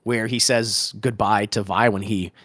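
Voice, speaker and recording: Male podcast host, animated and casual, bright tone, dry close sound. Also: on the low side, measured pace, no echo. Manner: excitable, swears, retells scenes with many restarts. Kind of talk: casual podcast review chat.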